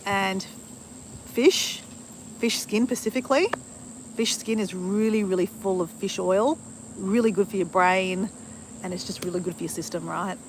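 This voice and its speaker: A woman's voice: mid-range voice, a little hiss or hum, poor audio. A middle-aged woman talking casually to a live stream on her phone outdoors, rambling and adding "right?" often. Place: outdoors at a bushland cemetery.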